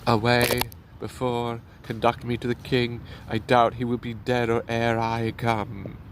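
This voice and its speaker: A man voicing a bold, blunt male nobleman in a steady, slow play reading. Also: medium pitch, a little hiss or hum, close to an everyday voice, rough recording.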